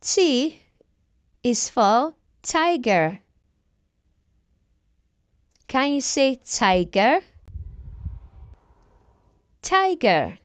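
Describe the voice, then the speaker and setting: A woman's voice: high-pitched, big pitch swings, drawn-out words, pauses often, no room sound. A woman narrating an alphabet lesson for toddlers, prompting them to repeat each animal word. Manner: prompting listeners to repeat words. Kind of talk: slow scripted narration for toddlers.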